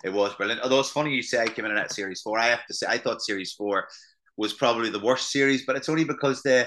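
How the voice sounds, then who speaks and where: An Irish actor chatting as a podcast guest, telling anecdotes in a loose, swearing conversational way. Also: male voice, mid-range voice, quick pace, a bit bright, a little hiss or hum. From Ireland. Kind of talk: casual podcast chat.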